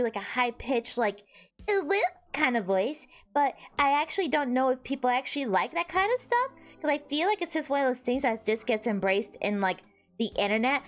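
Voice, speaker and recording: A young woman streamer chatting casually and rambling, her voice a bit hoarse, with lots of restarts and self-deprecating asides. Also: a little high. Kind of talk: casual livestream chat.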